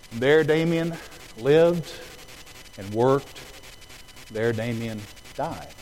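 A man preaching a sermon in a church auditorium, dropping to a hush for the story and then rising into loud, emphatic appeals. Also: lowish voice, slight background noise, low-quality recording.

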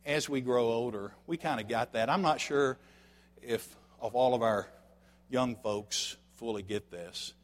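An older man preaching a folksy sermon to his congregation, dropping to quiet asides and rising to shouted emphasis. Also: medium pitch, a little slow, big-room sound. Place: church sanctuary.

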